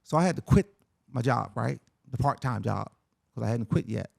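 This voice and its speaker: A man, a podcast guest, telling a personal story in a relaxed, conversational way and tagging "man" and "right?" onto his lines. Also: mid-range voice, normal speed, creaky, dry recording, clean studio sound. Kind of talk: casual storytelling.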